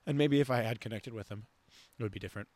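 A man's voice: mid-range voice, rapid-fire, darkish tone, no room sound. A young man hosting a podcast, talking casually and rambling with lots of fillers and restarts. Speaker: podcast host. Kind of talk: casual conversation.

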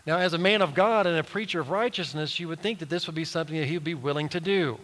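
A man's voice: fairly high pitch, fast, fairly bright tone. Man preaching in a reverberant hall. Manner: storytelling with acted-out quotes and restarts. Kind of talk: sermon.

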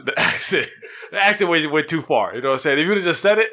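Bright-voiced teasing male podcast host. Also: on the high side, animated, fast talker. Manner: teasing, bossy, jokey. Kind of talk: casual podcast banter.

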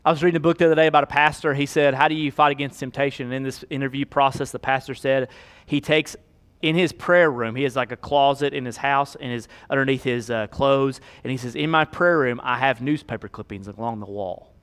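A man preaching a sermon as pastor, swinging from hushed, slow emphasis to loud, fast pleading. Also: mid-range voice, steady tone, clear, resonant tone.

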